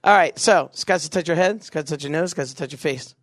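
A young man leading a big youth crowd through a game, joking and doing quick silly voices. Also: on the high side, dry recording. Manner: goofy, quick asides, acts out voices. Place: event venue with a live audience.

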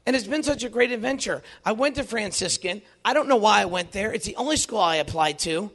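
A man in his fifties giving an earnest, animated inspirational talk to young people, telling his own faith story with self-deprecating humor. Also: high voice, a little fast. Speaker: Catholic youth speaker.

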